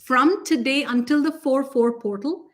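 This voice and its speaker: A woman co-hosting a spiritual talk, gushing with excitement and laughing often. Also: high-pitched, normal speed. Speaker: spiritual teacher and co-host. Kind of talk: casual chat.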